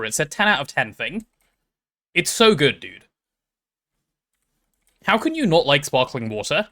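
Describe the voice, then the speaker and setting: A man streaming a game, chatting casually with his chat and thinking out loud as he plays. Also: a little high, huge pitch swings, a little slow, long pauses. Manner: chatty, thinks aloud while playing and answers chat.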